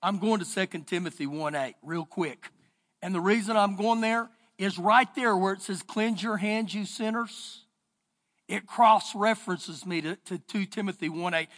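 A man with a Texan accent preaching a sermon as pastor, his voice rising and falling in pitch and loudness. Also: moderate pace. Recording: church sermon with long reverb.

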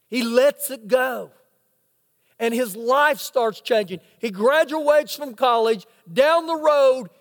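A male pastor preaching a sermon, telling a story dramatically and asking rhetorical questions. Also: very high voice. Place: church sanctuary. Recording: long reverb of a church hall.

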